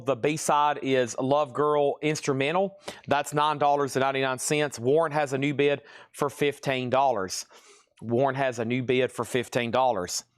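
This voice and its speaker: Man calling prices on a live record sale. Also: medium pitch. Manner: brisk, reads off prices and bids. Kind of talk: live-stream auction patter.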